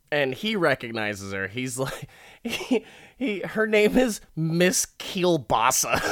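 A man's voice: on the high side, animated, measured pace, a bit bright, no room sound, clean studio sound. A man casually recapping an episode with heavy swearing and frequent laughter. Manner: profane, laughs often while talking. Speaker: show recap host.

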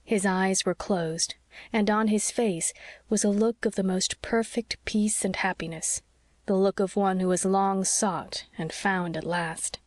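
A woman narrating an audiobook in a calm, measured way. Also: mid-range voice, dry recording, studio quality. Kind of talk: scripted narration.

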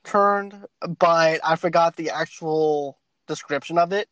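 A man's voice: on the high side, steady tone, measured pace, a bit bright, no room sound, dull audio. Rambling, chuckling male podcast host. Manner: rambling, laughs often, repeats "so anyways". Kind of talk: casual chat.

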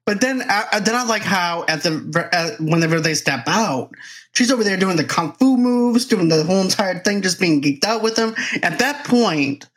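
A man's voice: sits high, lively intonation, moderate pace, fairly bright tone. A man hosting a casual movie review chat, talking freely and acting out quoted reactions. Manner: chatty, acts out quoted reactions. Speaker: podcast host.

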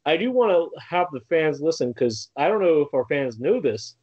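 A man's voice: on the high side, normal speed, highs cut off. A man hosting a podcast, steering the chat with casual questions. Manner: lively, guiding questions. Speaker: podcast host. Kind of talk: casual interview.

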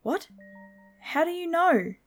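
A woman's voice: very high-pitched, very animated, slow, soft background music, pitched above the performer's own voice, exaggerated voice. A woman voicing a frightened teenage boy who pleads anxiously to survive. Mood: scared.

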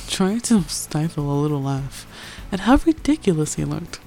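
A woman's voice: low voice, a little slow, faint music behind. A woman chatting casually with fillers, then reading a romance story aloud. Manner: chatty, filler-heavy intro then steady narration. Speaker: fan fiction reader.

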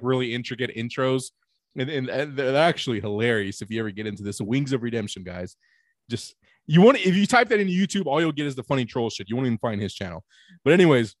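A man's voice: medium pitch, no echo, clean studio sound. A man in casual podcast chat, telling rambling, profane stories with many restarts. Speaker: podcast co-host.

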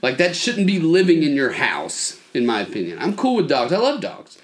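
A man telling a childhood story on a casual podcast, acting out the voices of the people in it. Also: moderate pace. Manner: animated storyteller, acts out voices with big pitch jumps. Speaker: podcast co-host.

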